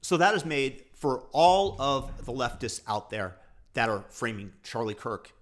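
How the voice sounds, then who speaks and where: A man's voice: medium pitch, lively intonation, a little slow. A man hosting his channel, giving earnest, argumentative commentary to camera. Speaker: channel host.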